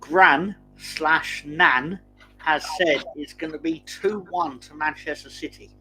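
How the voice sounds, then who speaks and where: A man's voice: on the high side, slow, bright, forceful tone, soft background music, poor audio. A man who is a guest pundit on a casual football chat, rambling and self-mocking as he tells stories.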